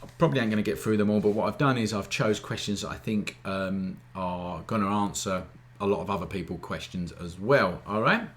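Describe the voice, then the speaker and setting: A low-voiced man runs a casual live-stream photography lesson. He talks in an informal, easygoing way and often tags his points with a quick check-in to the viewers. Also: slight background noise. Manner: chatty, keeps asking "all right?"; informal, relaxed wording. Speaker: photography teacher hosting a live Q&A.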